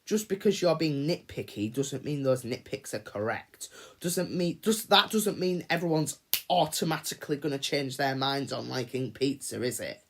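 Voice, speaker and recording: A man holds forth on his livestream in a loose, ranting way. He swears freely and breaks off to greet viewers in chat. His voice sits at an ordinary middle pitch. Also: lively intonation, moderate pace. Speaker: livestream host. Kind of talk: casual livestream rant.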